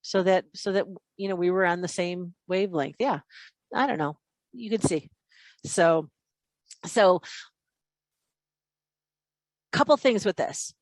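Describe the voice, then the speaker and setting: A woman leading a live online sales training session, in an energetic and chatty teaching manner over a video call. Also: fairly low pitch, a little slow, no echo.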